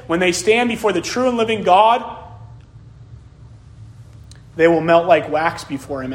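A man's voice: high-pitched, a bit bright. A man preaching a sermon as pastor, repeating key phrases as his delivery builds in intensity.

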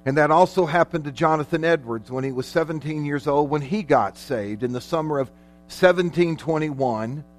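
A man preaching a sermon as pastor, emphatic, slowing down and swelling in volume on key words. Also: fairly high pitch. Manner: emphatic preaching with dramatic slowdowns and loud peaks.

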